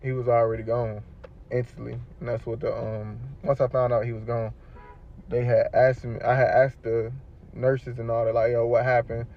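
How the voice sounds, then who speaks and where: A man's voice: medium pitch, flat delivery, moderate pace, highs cut off, slight background noise. A man telling his own story in casual street slang, rambling with many fillers.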